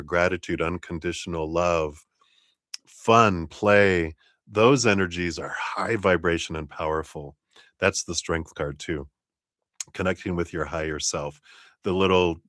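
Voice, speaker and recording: Low-voiced man giving tarot readings. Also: no room sound, clean studio sound. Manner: animated, talks of energy and gratitude. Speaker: tarot reader. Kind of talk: live-stream tarot reading.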